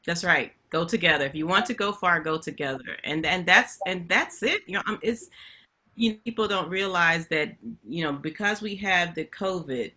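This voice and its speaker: A woman's voice: lowish voice, normal speed, sharp tone. A woman hosting a webinar, chatting and telling stories straight to her audience over a video call. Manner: chatty storytelling, addresses audience directly. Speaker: webinar host. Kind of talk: casual webinar talk.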